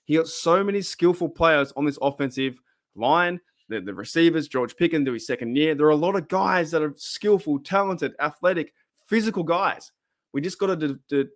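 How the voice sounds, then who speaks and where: Excitable male fan-channel host, rambly casual delivery, slightly high voice. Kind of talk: casual vlog talk.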